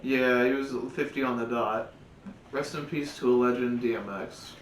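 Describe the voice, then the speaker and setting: A man co-hosts a podcast in loose, joking casual chat and swears now and then. He sits some way from the mic in an echoey room. A faint rumble hums underneath. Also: steady tone, moderate pace, distant mic. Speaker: podcast co-host.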